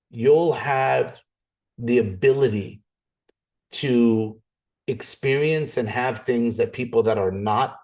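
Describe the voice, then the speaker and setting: A man giving an energetic, persuasive sales presentation, often repeating words as he pushes ahead. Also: mid-range voice.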